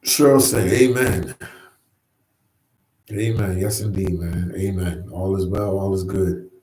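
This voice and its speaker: Casting: laid-back male livestream host, lowish voice, echoey room, chats loosely with viewers. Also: steady tone, slow, a little mellow. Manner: easygoing, repeats phrases, says "man" often. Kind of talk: casual live chat. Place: New York.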